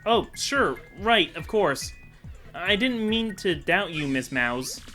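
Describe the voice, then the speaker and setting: A man's voice: high-pitched, expressive, slow pace, sharp tone, faint music behind, pitched above the performer's own voice, exaggerated voice. A man voicing a shy, awkward young male turtle sidekick in an eager, slightly raised voice during a game playthrough. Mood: apologetic. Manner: nervous, eager, lifted inflection.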